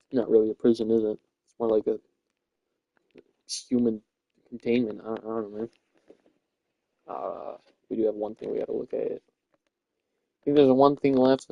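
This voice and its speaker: A young man gives a rambling, playful tour of a Minecraft build as casual gameplay commentary, often correcting himself. His voice is low-ish and mellow with vocal fry, captured in a dull, dry home recording with no echo.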